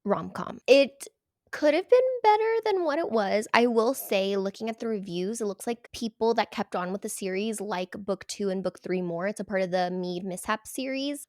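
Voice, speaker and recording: A young woman book vlogger chatting casually and gushing about her reads, her voice a little rough from being sick. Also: a little high, expressive, moderate pace, no echo, clean studio sound. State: sick, hoarse voice. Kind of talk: casual chat.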